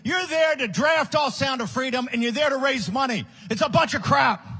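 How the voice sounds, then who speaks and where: A man rails at a conference crowd in a combative political speech, his raspy voice straining very high. The tone is sharp and bright, and he keeps tipping into shouts full of scorn. He sounds like a big hall speaker working the room. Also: moderate pace. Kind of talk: fiery political rally speech.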